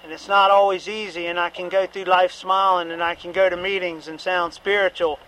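High-voiced middle-aged man, candid testimony. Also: flat delivery, brisk, bright, forceful tone, a little hiss or hum, rough recording. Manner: candid, repetitive, occasionally profane. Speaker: recovery meeting speaker. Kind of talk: personal testimony.

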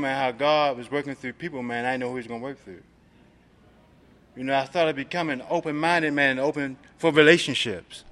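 A man's voice: a little high, bright, forceful tone, in a large hall. A man from Maryland giving a personal recovery testimony, streetwise and profane, filling his talk with "man". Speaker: recovery speaker.

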